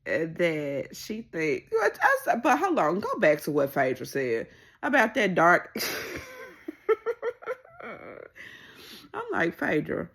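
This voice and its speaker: A woman with vocal fry and a slightly rough voice gives a casual, animated reality-show recap. She performs the quoted lines herself, swinging her pitch widely to mimic each person.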